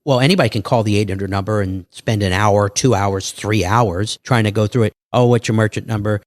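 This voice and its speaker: Male entrepreneur guest, animated pitchman delivery, dry studio sound. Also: a little fast, no echo. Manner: animated salesman patter, acts out dialogue. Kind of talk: casual interview talk.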